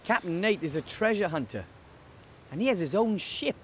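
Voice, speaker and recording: Wilbur, a jittery gnome. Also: male voice, high-pitched, expressive, normal speed, slight background noise. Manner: nervous, stammering. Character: timid young male gnome wizard.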